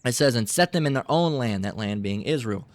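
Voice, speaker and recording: A man's voice: medium pitch, expressive, a little fast, dry recording. A man commentating and reading aloud in a combative way, repeating himself, swearing freely and keeping on asking "all right?". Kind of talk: heated commentary and bible reading.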